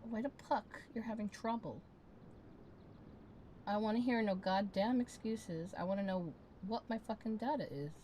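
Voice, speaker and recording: A woman's voice: mid-range voice, normal speed, dark tone, a little hiss or hum. A woman game streamer in casual live-stream chat, ranting in exasperation, swearing and repeating herself.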